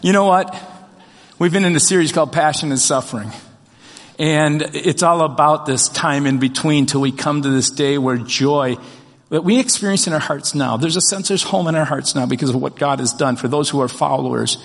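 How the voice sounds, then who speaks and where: A man's voice: fairly high pitch, moderate pace, gravelly, big-room sound. An older man preaching an Easter sermon as pastor, folksy and joking, telling light stories between points. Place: church sanctuary.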